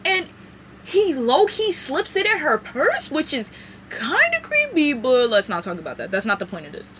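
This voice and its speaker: Bright, high-voiced woman rambling a show recap. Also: normal speed, a little hiss or hum. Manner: rambling, animated storytelling. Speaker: vlogger.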